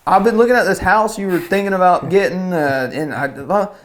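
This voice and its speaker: A young man doing his excited high-voiced dad. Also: brisk, natural voice. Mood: distracted. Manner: high, loud, jumpy impression. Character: excited middle-aged dad, proud, distracted.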